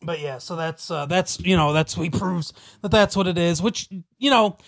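Chatty man retelling a story, slightly high. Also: moderate pace, vocal fry. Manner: rambling, many restarts, acts out quoted lines, laughs often. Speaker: podcast co-host recapping a TV episode. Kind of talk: casual chat.

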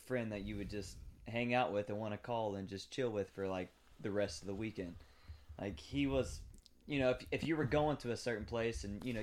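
Man earnestly groping for words. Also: mid-range voice. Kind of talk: casual chat among friends.

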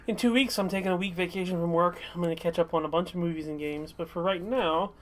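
A man chats on a podcast with friends and throws out crude, teasing jokes. His voice sits high for a man. He talks about games in a relaxed, offhand way. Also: quick pace. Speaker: podcast co-host. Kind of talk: casual chat.

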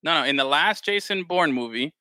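Animated rambling man, bright dry voice. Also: on the high side, fairly quick, dry recording. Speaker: podcast co-host. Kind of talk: casual chat.

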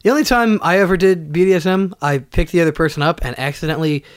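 A man co-hosting a comedy podcast, tossing out wry, deadpan one-liners in casual chat. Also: fairly high pitch, fast talker, smooth. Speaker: podcast co-host.

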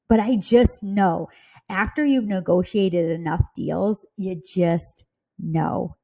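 A woman who works as a real estate agent, telling a story on a podcast in a chatty, animated way and giggling often. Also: medium pitch.

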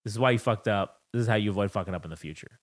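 A man's voice: on the low side, very fast. Rambling, cussing young guy. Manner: rambling, profane storytelling about parenting. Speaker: podcast co-host. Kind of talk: casual chat.

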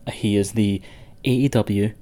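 An unhurried Scottish man with a lowish, dark voice and fairly even intonation co-hosts a wrestling podcast. He chats casually with a friend, rambling on, swearing and laughing a lot.

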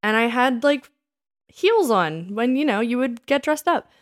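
A woman telling funny stories about old dates in a casual chat, laughing often and acting out what she said back then in a higher voice. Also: a little slow. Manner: animated, laughing, quotes herself in a higher voice. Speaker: podcast co-host.

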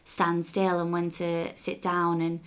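A young woman who runs classes at a theatre school talks through her experiences in a relaxed podcast interview. Her voice sits slightly low for a woman. She speaks in loose, chatty runs, full of fillers and self-corrections. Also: slow pace, clear, resonant tone. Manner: chatty storytelling, many fillers and restarts. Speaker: theatre school teacher, guest.

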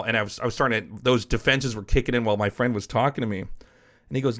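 A man's voice: lowish voice, fast talker, fairly bright tone. Frank man telling his story. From United States. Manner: frank, rambling, swears casually. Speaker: podcast host and esports caster. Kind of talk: candid personal storytelling podcast.

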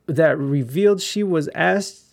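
A man's voice: on the high side, a little slow, gravelly, a little mellow. A young man giving rambling, crude and profane casual commentary as a vlogger.

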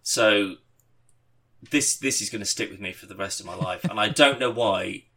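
Bright-voiced man rambling casually. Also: lowish voice, normal speed, a little hiss or hum. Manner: rambling anecdotes with many fillers and swearing. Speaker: podcast host. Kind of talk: casual chat.

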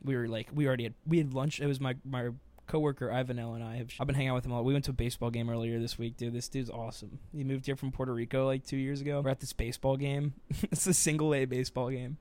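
A young man co-hosting a casual comedy podcast, telling profane, animated stories with sudden loud bursts. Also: medium pitch, very fast, hardly any pauses. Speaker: podcast co-host.

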